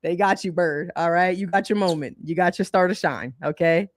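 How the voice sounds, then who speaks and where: A woman's voice: on the low side, moderate pace, no room sound. Casual woman livestream host, dry close sound. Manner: conversational, colloquial, laughs often.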